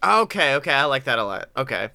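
A man co-hosting a podcast in casual, joking chat, animated and a bit profane. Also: medium pitch, fast talker, gravelly, clear, resonant tone, no room sound. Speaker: podcast co-host.

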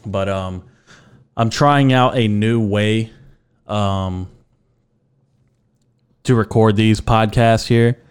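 A man's voice: on the low side, steady tone, drawn-out words, long pauses, clear, resonant tone. A young man hosting his own podcast alone, rambling and joking casually, with lots of fillers and some swearing. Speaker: podcast host. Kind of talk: casual solo podcast chat.

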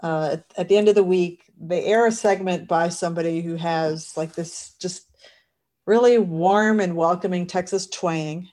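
Friendly, fairly low-voiced woman interviewer. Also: fairly even intonation, moderate pace, warm tone. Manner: friendly, chatty, laughs easily. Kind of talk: casual interview.

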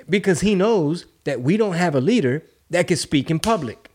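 A man co-hosting a podcast in casual, profane political banter, often slipping into quick mocking impressions. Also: a little high, lively intonation, a little mellow, husky. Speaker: podcast co-host.

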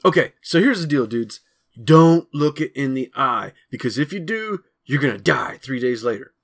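A man voicing an excitable teenage boy who tells ghost stories like an eager showman. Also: mid-range voice, normal speed, voice pushed up. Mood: excited.

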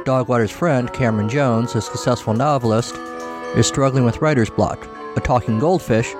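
A man narrating a scripted story as a podcast host, in a wry, measured manner. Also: mid-range voice, music in the background.

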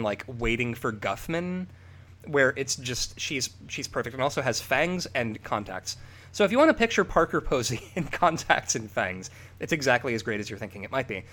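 A man's voice: medium pitch, moderate pace. A man co-hosting a casual podcast, riffing and swearing freely as he talks. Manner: profane, animated, riffing with laughs. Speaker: podcast co-host. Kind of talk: casual chat.

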